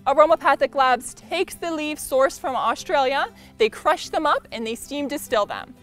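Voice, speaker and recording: High-pitched female specialist; cheerful, informative product presenter over soft background music. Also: moderate pace. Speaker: essential oil specialist.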